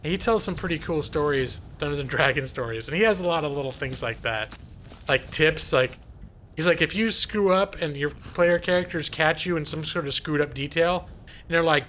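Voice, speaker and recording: A man's voice: on the high side, moderate pace, pushed and bright. A middle-aged man casually chatting through a live game stream, reading chat aloud and rambling. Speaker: gaming streamer.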